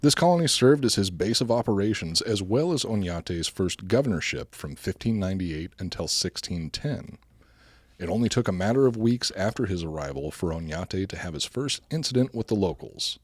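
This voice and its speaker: A man's voice: deep voice, animated, normal speed, breathy edge, no echo. A man co-hosting a casual podcast, loose and profane, reading history notes between jokes. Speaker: podcast co-host.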